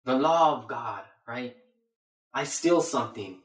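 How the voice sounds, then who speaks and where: A man's voice: mid-range voice, animated, measured pace, distant mic, close to an everyday voice. A man voicing a desperate repentant sinner who begs and stammers, in a roomy echo. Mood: pleading. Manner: begging, stammering.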